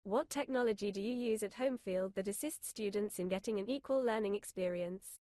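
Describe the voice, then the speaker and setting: A woman's voice: mid-range voice, brisk, dark tone. A woman interviewer asking plain, complete questions that sound prepared.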